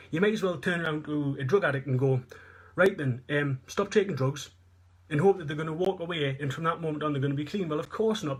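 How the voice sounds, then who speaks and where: A man's voice: a little high, slightly rough. A man with a Northeast English accent, a fitness coach giving a seminar talk and explaining things earnestly, repeating himself as he goes. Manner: earnest, repetitive explaining with fillers. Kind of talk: live online seminar talk.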